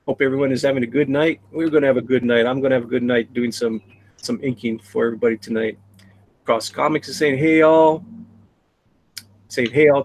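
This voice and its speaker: A man's voice: medium pitch, dry recording, low-quality recording. A man hosting a casual live drawing stream, chatting and reading viewer messages aloud.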